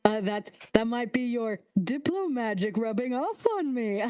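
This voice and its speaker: A woman's voice: on the high side, a little mellow, no room sound, clean studio sound, voice pushed up. A woman voicing a fawning, flustered male frog-folk king with a gushing, theatrical manner and little gasps.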